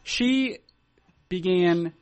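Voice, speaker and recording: A man co-hosting a podcast, telling a story in a halting, rambling way with frequent restarts and filler words. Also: high-pitched, clean tone. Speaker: podcast co-host. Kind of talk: casual podcast chat.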